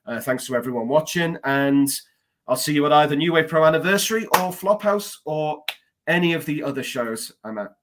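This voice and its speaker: A man's voice: a little high, animated, a little fast, background noise. A man with a non-American English accent, a guest on a livestream, talking earnestly and politely about his work. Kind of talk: casual interview chat.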